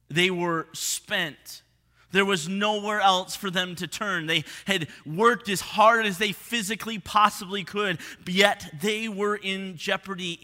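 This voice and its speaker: Male pastor, high bright voice, expressive sermon delivery, hall reverb. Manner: expressive preaching, drops to hushed tones for emphasis.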